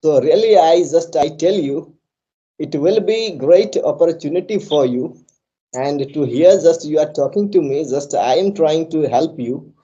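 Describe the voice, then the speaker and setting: Earnest Indian English trainer, lo-fi. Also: male voice, a little high, a little slow, dark tone. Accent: Indian English, put on as South Indian. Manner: earnest, coaching, repeats "just I" and "I tell you". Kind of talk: live online English lesson.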